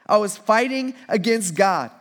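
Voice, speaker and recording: A pastor voicing the apostle Paul as a man looking back and loudly boasting of having been the worst sinner. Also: high voice, animated, measured pace, voice pushed up. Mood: boastful. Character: boastful repentant apostle recalling his past, male.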